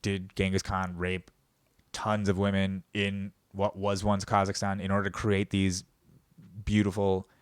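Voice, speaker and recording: A man with a lowish, smooth and resonant voice delivers a rambling comic rant on his podcast. He riffs sarcastically, breaking into laughter, jumping between loud bursts and muttered throwaway lines. The sound is close and dry. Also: no room sound. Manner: swings between loud outbursts and mumbled asides. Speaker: podcast host. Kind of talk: comedic monologue.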